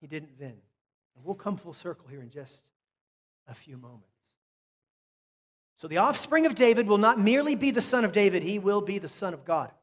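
High-voiced man preaching in a reverberant hall. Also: big pitch swings, normal speed, pauses often. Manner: emphatic preaching, repeats key phrases, drops to soft asides. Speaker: pastor. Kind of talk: sermon.

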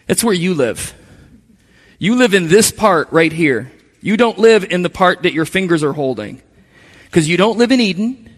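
A male pastor with a high voice delivers a sermon in a casual, conversational manner, turning to the congregation with asides. His voice rings out with a long reverb, as if in a large hall. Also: a bit bright.

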